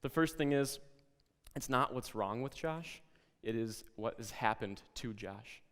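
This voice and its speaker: Calm male educator in a reverberant hall. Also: mid-range voice, measured pace. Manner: calm, reflective, guiding. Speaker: educator presenting a lesson. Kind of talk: lesson presentation with storytelling.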